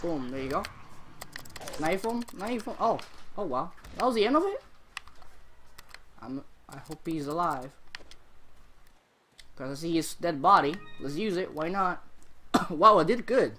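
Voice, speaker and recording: A young man with a cold, hosting a gaming channel and giving excitable, chatty let's-play commentary while talking to the game. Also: on the high side, unhurried, pauses often, slight background noise. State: under the weather, coughing.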